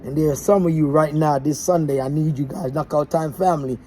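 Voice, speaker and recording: A man's voice: on the high side, fairly even intonation, a little fast, dark tone, slight background noise. A man delivering a preachy, repetitive, rallying motivational message as the host of his show. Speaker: motivational speaker.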